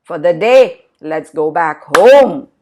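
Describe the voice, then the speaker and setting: A woman's voice: on the low side, lively intonation, slow, slight background noise. A woman voicing a small boy god in a children's story, speaking firmly. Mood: stern. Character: little boy god, stubborn and proud.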